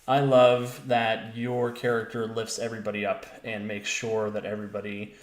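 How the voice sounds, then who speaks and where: A man's voice: on the low side, level tone, normal speed. A man running a tabletop role-play stream as game master, talking enthusiastically and laughing often. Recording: roomy echo.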